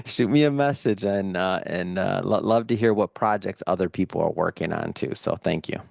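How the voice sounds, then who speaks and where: Brief: deep-voiced man with a gravelly edge, animated storyteller guest on a podcast. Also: normal speed, no room sound, studio quality. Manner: animated, acts out quoted dialogue. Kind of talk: storytelling interview chat.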